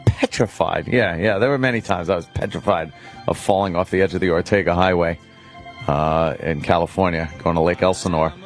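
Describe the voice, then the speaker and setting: A man co-hosting a radio talk show, telling a story in an animated, profane, laughing way. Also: low voice, a little fast, soft background music. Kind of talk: casual storytelling.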